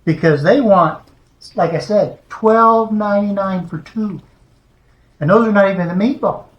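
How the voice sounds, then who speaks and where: A man hosting a home cooking video, chatting to the viewer as he works with his hands in a home kitchen. He talks slowly and in a folksy, homespun way. The room is echoey. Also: sits high, dull audio. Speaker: home cooking show host. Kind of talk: casual cooking demonstration.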